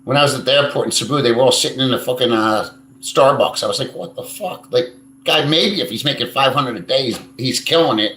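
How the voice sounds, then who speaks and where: A man chats on a live stream and talks back to viewers' comments. He is blunt and crude, swears freely and rambles from one point to the next. His voice sits at an ordinary middle pitch and bounces around a roomy, echoey space. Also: quick pace, pushed and bright. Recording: echoey room.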